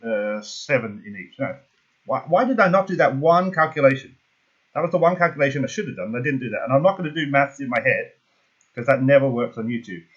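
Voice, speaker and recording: Excitable gaming host, husky voice, dull lo-fi recording, talks through sums aloud. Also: male voice, medium pitch, fast. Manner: excitable, jokey, thinks aloud while calculating. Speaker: gaming YouTuber. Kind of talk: casual game strategy walkthrough.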